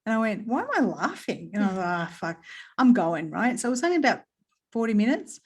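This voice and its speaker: An Australian woman sits in a relaxed spiritual chat and tells her story with lots of energy. She swears freely and laughs often, and her voice rises and falls in a lively way. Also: medium pitch, fairly quick, breathy edge. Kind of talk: casual spiritual conversation.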